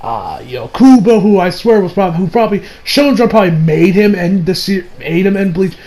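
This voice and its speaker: A man giving a casual, rambling recap of an anime episode, full of filler words and restarts, sometimes breaking into excited laughter. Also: high voice, normal speed, low-quality recording. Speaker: anime reviewer.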